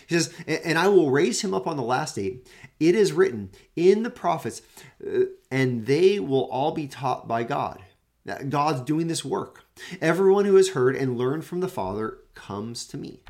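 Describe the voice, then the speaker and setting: A man's voice: medium pitch, a little mellow. Earnest man giving a Bible teaching. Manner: earnest, emphatic, repeats words as he builds a point. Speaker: host of a daily Bible teaching show.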